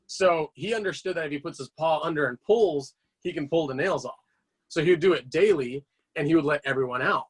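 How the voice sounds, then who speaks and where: Man rambling through animated anecdotes. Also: a little high, a little fast, breathy edge. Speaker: podcast guest. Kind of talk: casual storytelling chat.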